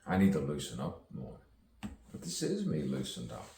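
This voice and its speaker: A man's voice: extremely low pitch, huge pitch swings, normal speed, vocal fry, warm tone, slight background noise. A man improvising a rambling, rhyming stream-of-consciousness monologue with chuckles between lines, recorded from a distance. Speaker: poet. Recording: roomy echo, distant mic, faint ambience.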